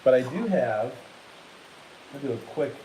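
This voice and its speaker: A man's voice: mid-range voice, expressive, a little slow, mellow, a little hiss or hum, poor audio. A man hosting a casual card-collecting live stream, chatty and laughing often while he sorts cards at his table.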